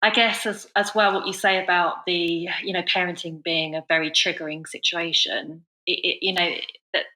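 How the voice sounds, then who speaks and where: A woman's voice: on the low side, little pitch movement, moderate pace, sharp tone, roomy sound, poor audio. A woman hosting a parenting podcast, talking reflectively in casual conversation, with many fillers. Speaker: podcast host.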